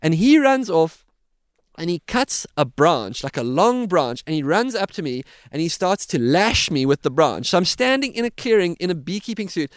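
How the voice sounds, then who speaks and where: A man's voice: high-pitched, very animated, moderate pace, no echo, studio quality. A man telling a vivid, dramatic story as a podcast guest. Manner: vivid, dramatic retelling with voiced sounds. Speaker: podcast guest, safari guide. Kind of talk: animated storytelling.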